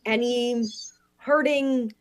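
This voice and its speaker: A woman's voice: a little high, fairly even intonation, very slow. A woman improvising a brash, scheming mother of the bride in live improv comedy. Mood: brassy. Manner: brassy, blunt.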